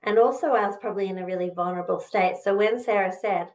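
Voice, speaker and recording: A woman's voice: medium pitch, quick pace, darkish tone. A woman telling her own story as a podcast guest, heartfelt and rambling, getting choked up at times. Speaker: guest, author and entrepreneur. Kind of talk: emotional personal storytelling.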